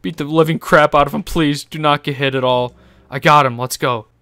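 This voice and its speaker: A young man giving excitable gaming commentary, swearing, laughing and making sarcastic remarks as he plays. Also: on the high side, fairly quick, clean tone, no echo. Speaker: gaming YouTuber.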